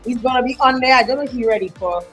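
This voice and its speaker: A woman with a Dominican accent, in her thirties, hosting a live online show in an animated, chatty way and greeting viewers. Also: on the high side, racing, faint music behind. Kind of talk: lively live-stream chat.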